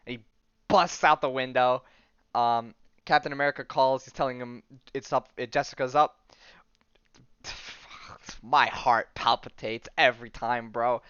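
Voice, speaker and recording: Recapping a comic book, this young podcast host rambles casually and enthusiastically, full of ums, restarts, and slang. His smooth voice is medium-pitched and fairly bright, at normal speed. The recording is dry, echo-free, and dull, with lo-fi sound.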